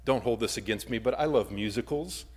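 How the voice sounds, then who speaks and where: A male pastor preaching with wide swings in volume. He rises to forceful emphasis, then drops to soft, breathy near-whispers. His pitch sits at a middle level for a man. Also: a little fast. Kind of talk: sermon.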